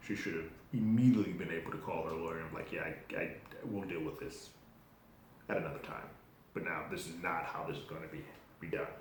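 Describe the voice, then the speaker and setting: A deep-voiced man talks loosely through a TV episode recap, slipping into the characters' quoted lines and restarting his sentences as he goes. He sounds like he is in a very echoey room with a faint hiss underneath. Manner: animated retelling with acted-out quotes, swears, loose restarts. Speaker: show host reviewing a TV episode. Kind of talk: casual spoken recap and review.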